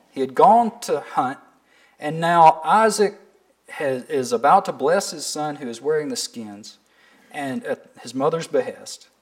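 Man preaching with a lively, rising voice. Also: fairly high pitch. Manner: earnest, asks the listeners pointed questions; reads scripture aloud with emphasis. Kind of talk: sermon.

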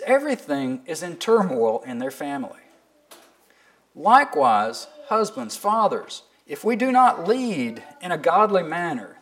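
Man preaching with a lively, rising voice. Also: a little high. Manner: earnest, asks the listeners pointed questions; reads scripture aloud with emphasis. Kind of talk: sermon.

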